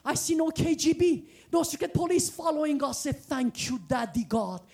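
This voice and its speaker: Woman guest preacher from the former Soviet Union: high, gravelly, exuberant, pleading. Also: animated, normal speed. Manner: exuberant, often bursting into shouts and sung phrases; earnest, pleading exhortation. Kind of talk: testimony sermon.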